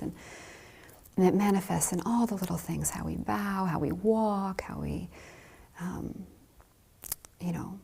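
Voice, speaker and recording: Soft-spoken, slow, breathy woman teacher. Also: on the low side, steady tone. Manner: slow, soft and gentle with light laughs. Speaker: Zen dharma teacher. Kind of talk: dharma talk.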